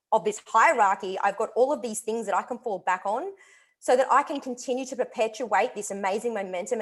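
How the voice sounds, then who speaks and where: A woman, a guest author, talking enthusiastically on a video call, full of "literally" and "like.". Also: mid-range voice. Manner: enthusiastic, talkative, repeats "literally" and "like". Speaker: guest author and wellness coach. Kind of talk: casual interview chat.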